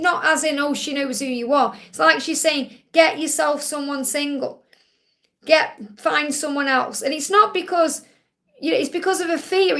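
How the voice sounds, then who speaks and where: High gravelly-voiced woman reading cards. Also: fairly bright tone. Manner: reassuring, reads messages aloud then interprets. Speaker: tarot card reader answering viewer questions. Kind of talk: live-stream Q&A reading.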